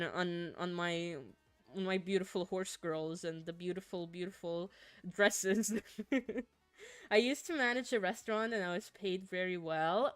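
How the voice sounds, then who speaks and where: A woman's voice: on the low side, unhurried, clean tone, dry recording. Giggly young woman with a mixed accent. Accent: mixed, not a typical Finnish one. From Finland. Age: young adult. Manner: giggly, rambling, with frequent laughs and restarts. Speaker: streamer. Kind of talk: casual chat while gaming, reading chat aloud.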